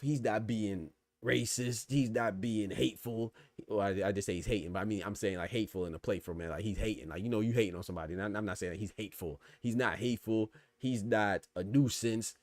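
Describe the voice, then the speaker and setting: Fast-talking man hosting a boxing podcast. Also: fairly low pitch, dry recording. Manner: rapid, conversational, slangy, shouting out chatters. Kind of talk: casual solo commentary reading live chat.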